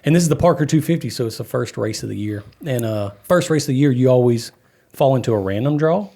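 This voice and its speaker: A man, co-hosting a casual podcast and telling a story with animated energy. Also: medium pitch, fast talker, gravelly. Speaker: podcast co-host, off-road racer. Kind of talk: casual chat.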